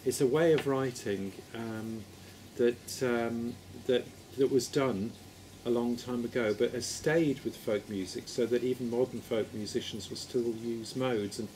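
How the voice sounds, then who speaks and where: A man's voice: mid-range voice, fairly even intonation, unhurried, few pauses, darkish tone, slight background noise. A man, a folk musician, chatting in a friendly way about the music he plays and prompting his bandmate along. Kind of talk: casual conversation about music.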